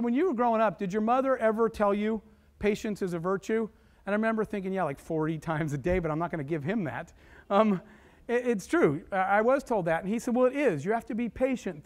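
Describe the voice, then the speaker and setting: A man with a high, light voice telling a personal story to a live audience. He is animated and acts out each person he quotes as he goes. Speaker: keynote speaker. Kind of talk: storytelling talk.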